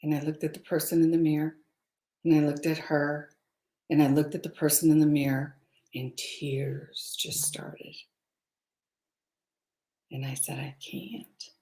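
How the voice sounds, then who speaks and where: A woman's voice: low-pitched, flat delivery, moderate pace, mellow, reverberant. A middle-aged woman candidly telling a personal story as a webinar guest, with hesitant fillers. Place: room, recorded for a webinar.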